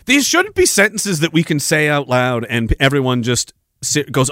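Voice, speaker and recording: A man's voice: a little high, sing-song, normal speed, pushed and bright, no room sound, studio quality. A man hosting a podcast, ranting sarcastically and with a lot of profanity while reading out messages. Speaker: podcast host.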